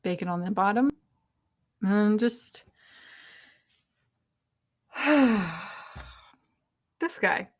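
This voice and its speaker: A woman's voice: medium pitch, drawn-out words, pauses often. A woman casually walking through an AI image tool on screen, rambling and chatty with lots of fillers and an easy giggle. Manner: giggly, laughs easily. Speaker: video creator demoing an AI image tool. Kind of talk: casual screen-share walkthrough.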